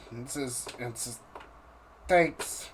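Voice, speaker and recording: A man runs a tabletop game as game master, talking in stops and starts, often restarting his sentences. His voice sits at an ordinary pitch, and a faint hum of noise runs underneath. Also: darkish tone. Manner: halting, with restarts and fillers.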